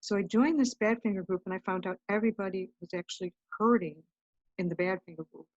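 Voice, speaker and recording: A woman's voice: medium pitch, fast, a little mellow, no echo, lo-fi sound. A woman guest telling a personal story in a casual, chatty way, often saying "I'm like". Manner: chatty, recounts events with lots of "I'm like". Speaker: podcast guest.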